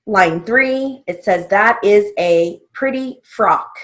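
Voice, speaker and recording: A woman's voice: medium pitch, takes it slowly, fairly bright tone. A woman teaching steno theory in a patient way, spelling out words letter by letter. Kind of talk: slow spelled-out instruction.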